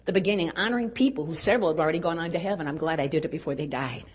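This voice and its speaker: An older woman speaking at a women's conference, telling a personal story in an earnest way and dropping to a hush at tender moments. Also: deep voice, very fast, husky. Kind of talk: storytelling talk.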